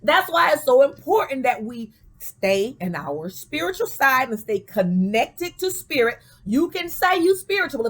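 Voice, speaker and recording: A woman's voice: sits high, a bit bright. A woman giving a spiritual guidance talk in casual vernacular. She keeps checking in with her listeners, asking "okay?" and "you know what I'm saying?". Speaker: spiritual teacher.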